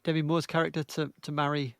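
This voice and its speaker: A man's voice: a little high, little pitch movement, quick pace, gravelly, a little hiss or hum. A man co-hosting a podcast, asking questions about a film in a chatty way.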